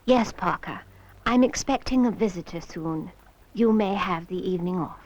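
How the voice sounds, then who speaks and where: A cool, commanding aristocratic lady spy voiced by a woman in a vintage puppet television show. Her crisp upper-class diction sits in a lowish register, and she gives orders to her servant with calm authority. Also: normal speed, natural voice, poor audio.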